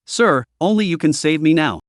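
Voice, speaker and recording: A man's voice: a little high, lively intonation, normal speed, dry recording, studio quality, close to an everyday voice. A man voicing a terrified old male governor who pleads desperately for help. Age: older.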